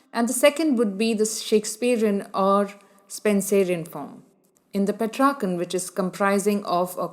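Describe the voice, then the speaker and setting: Woman lecturing on poetry. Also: medium pitch. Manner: measured, explaining with questions to the listener. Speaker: literature lecturer. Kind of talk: explanatory lecture.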